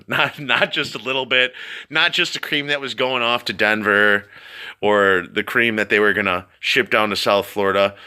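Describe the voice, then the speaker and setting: A man's voice: fairly low pitch, bright, forceful tone, clear, resonant tone. A man vlogging as he reads out a news story, with rambling asides and frequent laughter. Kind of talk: casual commentary on a read-aloud story.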